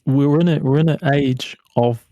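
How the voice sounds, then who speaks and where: A man hosting a casual chat, musing slowly and reflectively, sometimes groping for the right word. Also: a little high, dark tone, dry recording, muffled recording. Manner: reflective, searching for words. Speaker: host.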